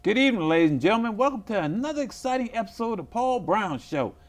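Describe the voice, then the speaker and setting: A man's voice: high-pitched, big pitch swings, fast. A man hosting a local talk show, asking his guest questions in a friendly way. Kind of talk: casual interview.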